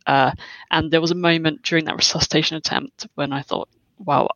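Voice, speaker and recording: A young adult woman as an interview guest, speaking in a hesitant, reflective way with frequent pauses and fillers. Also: deep voice, fairly even intonation, fairly bright tone, no echo, lo-fi sound. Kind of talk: personal interview, recounting.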